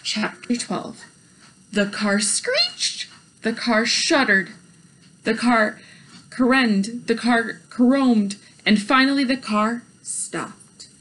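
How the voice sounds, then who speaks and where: A woman teacher reading a children's book aloud in a clear, expressive storytelling manner. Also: on the high side, slow pace, slight background noise, rough recording.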